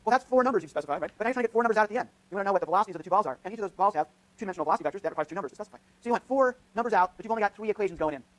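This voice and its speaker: Guy professor lecturing fast in a lecture hall, highish voice, lots of restarts and "right?". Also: expressive. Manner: thinks aloud, many restarts and tag questions. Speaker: physics professor. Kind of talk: university lecture with live demonstration.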